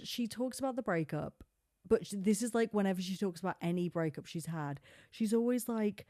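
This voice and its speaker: A young adult woman hosting a casual solo podcast, chatty and animated, peppering her talk with "like". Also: mid-range voice, dry recording, clean studio sound. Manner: chatty and animated, heavy use of filler "like", quick asides and laughs. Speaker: podcast host. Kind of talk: casual solo podcast chat about reality TV.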